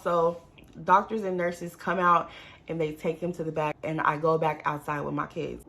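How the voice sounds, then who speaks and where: A young woman telling a casual storytime to her viewers, animated and talking straight to them as y'all. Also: low-pitched, moderate pace. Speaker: vlogger.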